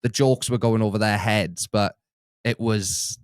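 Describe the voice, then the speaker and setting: A man's voice: lowish voice, fairly even intonation, a little slow, clear, resonant tone, no room sound, clean studio sound. A man co-hosting a casual chat, easygoing and hesitant, often restarting his sentences. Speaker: co-host, the host's editor.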